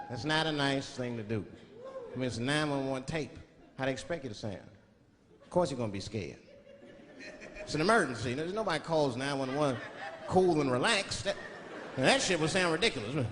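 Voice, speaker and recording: A man from Washington, D.C., doing animated, profane stand-up comedy on a large theater stage and switching between voices. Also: on the high side, background noise. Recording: echoey hall, loud crowd laughter.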